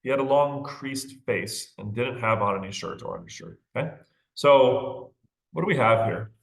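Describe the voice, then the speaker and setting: A man's voice: medium pitch, moderate pace, fairly bright tone. A male literature teacher giving a casual recorded lecture, checking in with rhetorical questions and light laughs. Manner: conversational, checks in with "right?" and "okay?". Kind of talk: recorded lecture on a short story.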